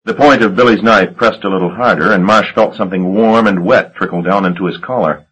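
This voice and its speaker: A man narrates an audiobook in a measured, dramatic way. His voice is deep and husky. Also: a bit bright, low-quality recording. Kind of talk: scripted narration.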